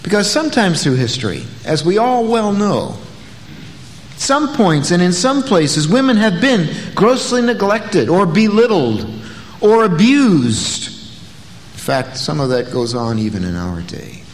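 A pastor preaching a sermon, telling stories with a dry, folksy humor. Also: male voice, sits high, sing-song, measured pace. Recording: long reverb, faint noise.

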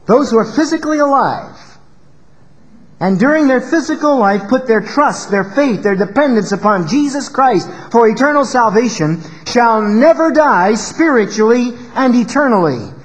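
A male pastor preaching a sermon in an emphatic style, rising to loud peaks and dropping low. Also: lively intonation, normal speed, big-room sound.

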